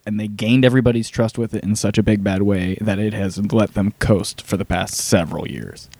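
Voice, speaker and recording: A man co-hosting a podcast in casual chat, animated and profane, often laughing as he retells scenes. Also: on the low side, fairly quick, dry recording. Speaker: podcast co-host.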